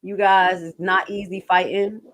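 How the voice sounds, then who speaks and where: Lively woman livestream host. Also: mid-range voice, a little slow, a little hiss or hum. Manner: animated, emphatic, jokey asides. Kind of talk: casual commentary livestream.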